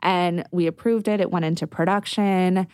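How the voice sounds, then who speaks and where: A woman, a brand founder, telling stories in a casual podcast interview, animated and full of "like". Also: on the low side, smooth, no room sound. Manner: animated, quick, lots of "like".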